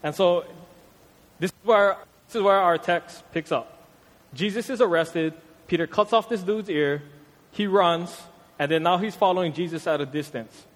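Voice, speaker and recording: A young man from Hawaii, preaching a casual, slang-filled sermon in a conversational, animated way. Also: sits high, moderate pace. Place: church hall. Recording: long hall reverb.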